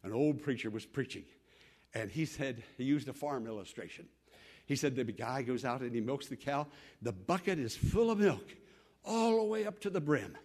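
A man's voice: medium pitch, animated, normal speed, a little mellow. A man preaching a sermon with dramatic, repetitive emphasis, acting out the voices of the people in his story.

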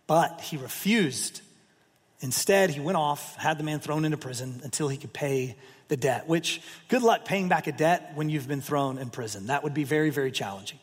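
High-voiced husky man preaching. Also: normal speed, long reverb tail. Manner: expressive, emphatic storytelling with asides. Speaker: pastor. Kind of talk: sermon.

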